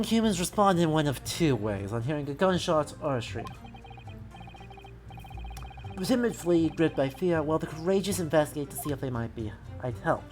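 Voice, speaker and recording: A woman voicing a cold, pompous male prosecutor who speaks in a haughty, measured way. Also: sits low, a little mellow.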